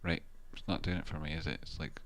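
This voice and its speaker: A man with a bass voice, a bit bright, talks fast with little pitch movement. A trader and channel host, he's running a casual live stream, rambling and thinking aloud about stock charts with the odd swear word.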